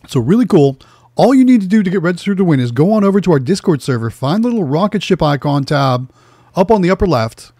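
A man co-hosting a livestream who talks up a giveaway in a fairly high, mellow voice. His voice is a little rough tonight, and he clears his throat and says "um" between points. The sound is dry and close. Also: dry recording. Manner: upbeat promotional, with throat-clearing and fillers. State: voice problems. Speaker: co-host.

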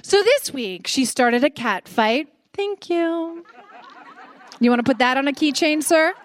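Brash, high-voiced Canadian woman. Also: expressive, unhurried, slight background noise. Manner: brash, sarcastic, playful. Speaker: podcast host. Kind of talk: live comedy podcast monologue. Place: stage before a live audience.

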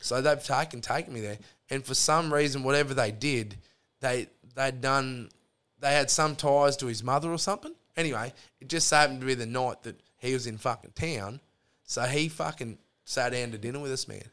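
A man's voice: mid-range voice, normal speed, a bit bright. An Australian man, a podcast guest, telling long rambling stories in casual chat, full of swearing and fillers.

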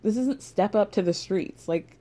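A woman's voice: mid-range voice, a little slow, dark tone. A young woman casually recapping a reality TV episode with chatty, sarcastic asides.

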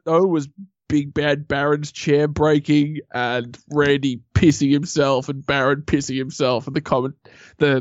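A man co-hosting a casual podcast, his voice a little high. He gives blunt, opinionated takes and tells stories with animated reactions. The mic is dry and slightly dull, with a touch of muffle. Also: no echo. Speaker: podcast co-host. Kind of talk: casual wrestling chat.

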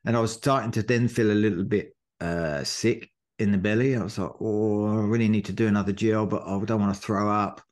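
A man on a podcast, chatting casually and telling an animated race story full of acted-out quotes. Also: on the low side, brisk, hardly any pauses. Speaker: podcast co-host, marathon runner. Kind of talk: casual chat recounting a race.

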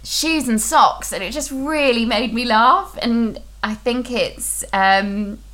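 A woman's voice: on the high side, slow, pushed and bright. A woman hosting a casual, enthusiastic book chat. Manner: chatty, enthusiastic, with fillers. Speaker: podcast host.

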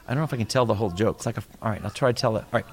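A middle-aged man from Boston and New York, chatting about innovation and acting out characters as he tells jokes. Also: fairly low pitch. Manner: animated storyteller, quick, acts out characters. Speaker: speaker on innovation. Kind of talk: casual chat with comic impressions.

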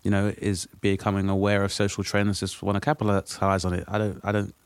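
A man's voice: fairly low pitch, monotone, a little fast, clean tone, no echo. A man in casual podcast chat, talking in a hesitant, reflective way with many restarts.

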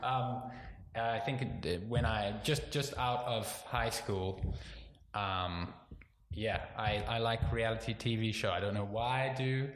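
A South African man in his twenties, chatting casually as a podcast guest, rambling with lots of fillers and quick laughs. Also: on the low side. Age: 20s. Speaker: comedian guest. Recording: echoey room, faint background noise.

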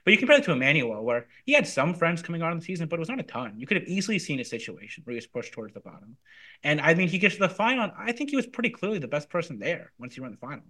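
Guest man, rattles off fast takes, bright lively delivery, casual podcast chat. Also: fairly high pitch. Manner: rapid, animated analysis.

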